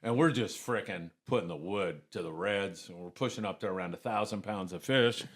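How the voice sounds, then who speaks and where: A middle-aged man casually telling lively anecdotes, often acting out other people's voices. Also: low voice, brisk. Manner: animated anecdotes, acts out voices. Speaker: guest. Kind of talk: casual storytelling.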